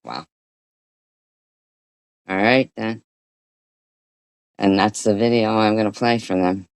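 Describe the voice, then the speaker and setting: A woman streaming an angry reaction, scolding and swearing in a profane rant, with frequent throat clearing. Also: a bass voice, fairly even intonation, slow, no room sound.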